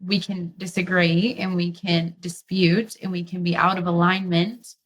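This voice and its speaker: Low-voiced woman speaking earnestly. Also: level tone, normal speed, a little hiss or hum. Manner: earnest, reflective, frequent "like" fillers. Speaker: podcast guest. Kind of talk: candid relationship talk.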